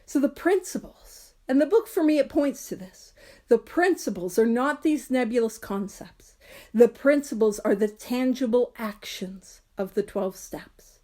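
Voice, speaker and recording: A woman's voice: on the high side, lively intonation, unhurried, mellow. A woman leading a study group, reading passages aloud and explaining them in an earnest, emphatic way with self-deprecating asides.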